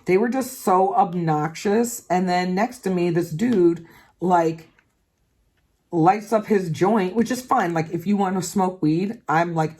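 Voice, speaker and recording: A woman's voice: fairly low pitch, takes it slowly, a little mellow. Chatty woman telling a crafting-vlog story. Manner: chatty, candid storytelling with swearing. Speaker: diamond painting channel host. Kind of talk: casual chat while crafting.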